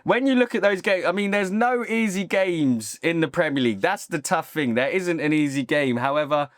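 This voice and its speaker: A man's voice: fairly high pitch, animated, moderate pace, no room sound, clean studio sound. A man hosting his own football channel, giving an opinionated, casual reaction monologue. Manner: opinionated, talks straight to camera.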